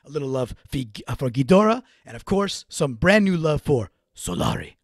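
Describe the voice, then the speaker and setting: A man's voice: fairly high pitch, very animated, normal speed, dry recording, studio quality. A man hosting a solo sports recap podcast, talking in a casual, rambling way with restarts. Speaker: podcast host.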